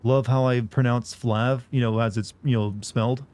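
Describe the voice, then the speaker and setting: A young male streamer with a mellow, dark voice chats with his viewers while he plays. He rambles loosely and jokes around. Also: medium pitch, fairly even intonation, moderate pace, clear, resonant tone. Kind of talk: casual live-stream chatter.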